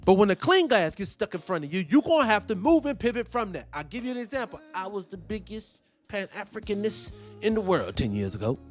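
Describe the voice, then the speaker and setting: Animated man with a high, lively voice. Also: a little fast, soft background music. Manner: animated, profane, rhetorical questions. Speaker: host. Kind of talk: casual reaction commentary.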